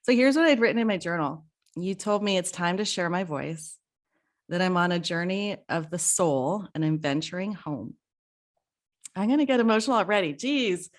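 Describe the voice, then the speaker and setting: A woman's voice: lowish voice, lively intonation, moderate pace. Emotional middle-aged woman podcast host. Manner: warm, emotional, laughs often. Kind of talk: casual heartfelt conversation.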